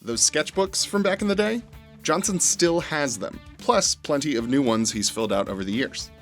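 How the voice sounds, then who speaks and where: Male host, scripted narration, lively pitch, enthusiastic, faint music under. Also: normal speed. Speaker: show host. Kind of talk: scripted narration and interview questions.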